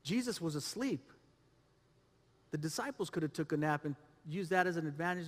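A man's voice: a little high, expressive, moderate pace, in a large hall. A man preaching a sermon, asking rhetorical questions and repeating phrases as he builds his point. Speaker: pastor.

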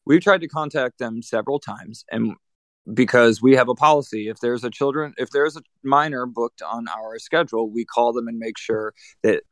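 A man who owns a piercing studio, telling a work story in casual chat with a blunt, profane, animated delivery. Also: medium pitch, moderate pace, no room sound.

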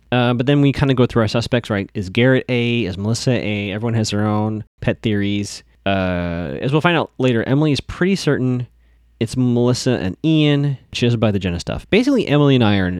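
A man's voice: on the low side, a little mellow, no room sound, clean studio sound. A man hosting a podcast, recapping a TV episode in a chatty, digressive way with lots of fillers and restarts.

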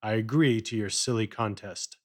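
A man reading as a gruff boastful acrobat. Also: lowish voice, normal speed, natural voice. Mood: gruff, mocking. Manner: growling, mocking.

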